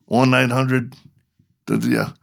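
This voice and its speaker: A man's voice: medium pitch, sing-song, slow pace, creaky. A middle-aged man, a ministry leader and podcast guest, telling a story animatedly, acting out both sides of the dialogue.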